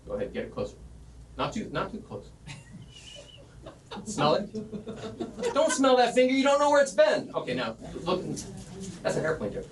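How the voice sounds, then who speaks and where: A middle-aged man teaching a conference session on Latin poetry, joking with the room and chanting the beats of the meter aloud. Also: high-pitched. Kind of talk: lively classroom lecture. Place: conference classroom.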